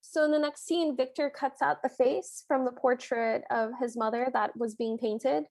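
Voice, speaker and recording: A woman with a somewhat high voice co-hosting a podcast, casually talking through a movie. She is chatty and agreeable, often backing up her co-host with quick affirmations as she narrates scenes. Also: fairly even intonation, a little mellow. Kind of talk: casual movie recap chat.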